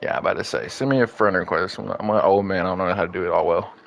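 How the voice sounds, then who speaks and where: A man's voice: sits low, fairly even intonation, very fast, gravelly, fairly bright tone, a little hiss or hum. A man streaming a football video game, chatting casually with viewers and his opponent, full of fillers and loose asides. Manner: rambling, filler-heavy, friendly asides to viewers. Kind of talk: casual gaming stream chat. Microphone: desk mic in a home streaming room.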